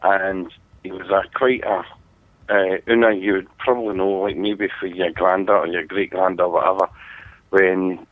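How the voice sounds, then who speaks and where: A man's voice: low-pitched, fairly even intonation, moderate pace, dry recording. A Scottish man hosting a talk radio show, telling a long family story in a rambling, earnest way with many restarts. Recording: tinny phone-like radio audio.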